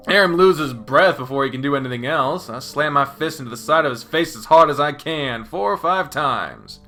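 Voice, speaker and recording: A man reads a visual novel aloud in the first person, and his delivery is expressive and profane. His tense, bright voice climbs and dips widely, sinking to a hush and then pushing loud. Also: a little high. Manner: expressive, swearing, swings between hushed and loud. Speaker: reader voicing a visual novel. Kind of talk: first-person dramatic game reading.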